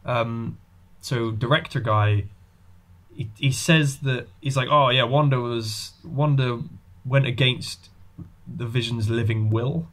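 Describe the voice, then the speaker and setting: A man co-hosting a podcast in casual chat, animated, acting out quotes with big jumps in pitch. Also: takes it slowly. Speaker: podcast co-host.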